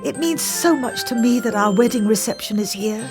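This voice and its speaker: A woman's voice: a little high, normal speed, music in the background, lightly acted. Cinderella, a woman doing a sweet young heroine. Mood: heartfelt.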